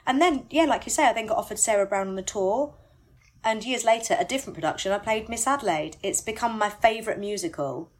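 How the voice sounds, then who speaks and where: A woman, a musical theatre actress, chatting candidly in an interview, animated and self-deprecating. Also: fairly high pitch. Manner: animated, self-deprecating, rushes words when excited.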